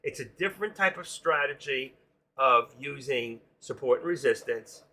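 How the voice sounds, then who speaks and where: A man hosting a live trading stream, explaining options and telling animated, excitable stories about his own trades, swearing casually. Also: medium pitch, moderate pace. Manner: explains while drawing on a chart.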